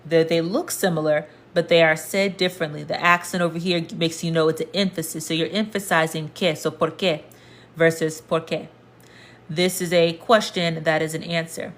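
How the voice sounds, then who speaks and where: A woman with a fairly low voice teaches a relaxed language lesson. She explains each point patiently and goes over it again, talking straight to the viewer. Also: brisk, few pauses. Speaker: Spanish teacher.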